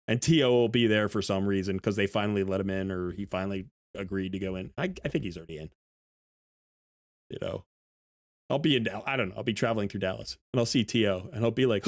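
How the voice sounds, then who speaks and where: A man in his thirties streaming a game, telling a story excitedly, laughing often and mimicking hype chants. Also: on the high side, no echo, studio quality. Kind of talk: casual live-stream chat.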